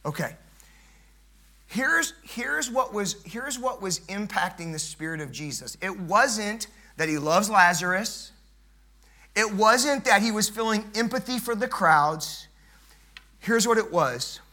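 High-voiced preacher giving an emphatic sermon. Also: male voice, animated, a little slow, pushed and bright. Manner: emphatic, repetitive, swells and drops in volume.

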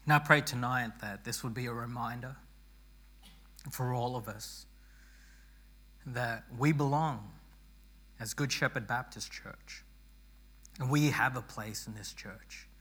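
Hoarse, rousing preacher man. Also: mid-range voice, bright, forceful tone. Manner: earnest and rousing, with repeated restarts. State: hoarse, losing his voice. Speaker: pastor. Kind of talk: sermon.

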